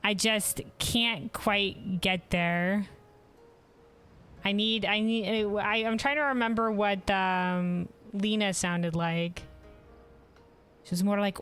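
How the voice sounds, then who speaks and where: A woman's voice: mid-range voice, normal speed, a bit bright, smooth, soft background music. A woman streaming a game, talking casually and rambling, self-deprecating and reading chat messages aloud.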